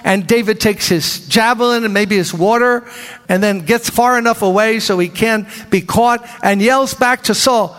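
A man preaching a sermon to a church congregation, animated and acting out the voices of the people in his story. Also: high voice, moderate pace. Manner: animated, acts out voices of biblical figures. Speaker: pastor. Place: large church hall. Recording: reverberant church hall.

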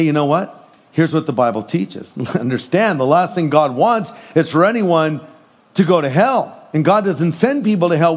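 A middle-aged male pastor delivering a sermon with lively energy. His voice sits a little high for a man, and he slips into playful character voices when he tells a story. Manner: animated preaching, acts out voices in stories and jokes.

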